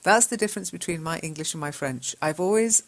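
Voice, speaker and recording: A woman's voice: low voice, quick pace, a bit bright. A woman hosting a live English-learning chat, reading learners' messages aloud, correcting their spelling and grammar, and laughing often.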